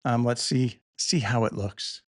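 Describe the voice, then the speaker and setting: A man's voice: mid-range voice, unhurried, no room sound. Middle-aged man, casual tutorial talk, thinking aloud with small restarts, close dry mic. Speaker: podcast host demonstrating tools.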